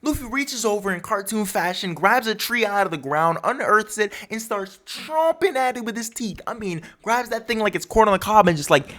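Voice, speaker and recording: A man's voice: high voice, expressive, normal speed, hardly any pauses, fairly bright tone. A man casually breaking down a comic chapter for his channel in a rambling, storytelling way. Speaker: manga recap YouTuber.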